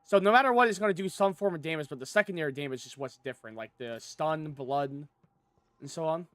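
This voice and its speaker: A man with a notably high voice talks through a video game as he plays. His commentary is loose and rambling, peppered with swearing and asides. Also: quick pace, a bit bright, dry recording. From United States. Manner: loose, rambling and profane, with frequent laughs. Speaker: streamer. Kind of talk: casual gameplay commentary.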